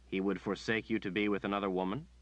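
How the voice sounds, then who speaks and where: A man voicing an earnest, flustered young hero in an audiobook, in a low voice. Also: level tone, fast talker, fairly bright tone, no echo, muffled recording, natural voice. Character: earnest young male woods guide, flustered.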